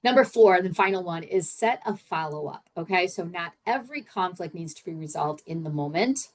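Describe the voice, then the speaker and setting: A middle-aged woman hosts a leadership podcast, her voice on the low side, expressive and fairly quick. She coaches casually and conversationally, often repeating words and acting out example phrases.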